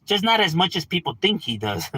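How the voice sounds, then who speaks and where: Profane, animated male streamer. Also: sits high, fairly quick, slightly rough, poor audio. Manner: blunt, profane, rhetorical questions. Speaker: livestream host. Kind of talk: casual ranting on a livestream.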